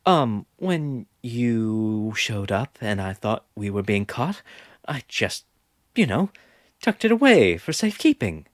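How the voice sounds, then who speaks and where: Storybook role: a man playing a gentle young woman, cautious and soft, pitched up a little. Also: sing-song, takes it slowly, no room sound, studio quality. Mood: hesitant. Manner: hesitant, soft-spoken.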